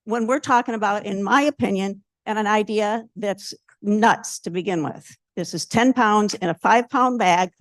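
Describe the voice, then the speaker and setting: A woman's voice: mid-range voice, moderate pace, hardly any pauses, dry recording. Heated woman making a public comment. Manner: heated, blunt, repeating her points. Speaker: public commenter at a city board meeting. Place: city meeting room.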